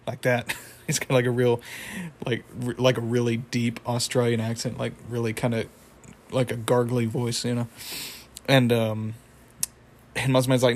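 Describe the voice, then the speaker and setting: A young man talks through a cartoon plot in a loose, rambling way, stopping to correct himself and chuckle. His voice stays flat, with little rise or fall, at a middle pitch. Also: moderate pace. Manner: rambling, self-correcting, chuckles, acts out quotes. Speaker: cartoon episode recapper. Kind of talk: casual retelling with impressions.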